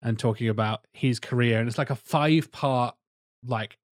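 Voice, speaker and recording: A man's voice: medium pitch, moderate pace, no room sound, clean studio sound. A man hosting a casual film podcast, swearing freely and quizzing his co-hosts. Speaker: podcast host.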